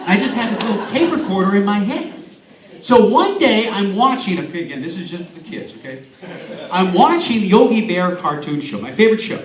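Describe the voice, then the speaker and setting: A high-pitched man from San Antonio tells stories at an event, with playful asides to the kids in the crowd. He is recorded from a distance in a roomy hall with faint ambience. His talk moves easily between memories and encouragement. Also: expressive, brisk. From San Antonio, Texas. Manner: warm storytelling with playful asides. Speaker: speaker, former radio host and voice actor. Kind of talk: motivational speech.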